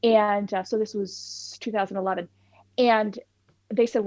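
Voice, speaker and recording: A woman's voice: mid-range voice, a little slow, no echo. A woman, a plant-based cooking instructor, telling her personal story as a guest in an interview and acting out the dialogue. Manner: animated, acts out quoted dialogue. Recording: dull lo-fi recording, dry.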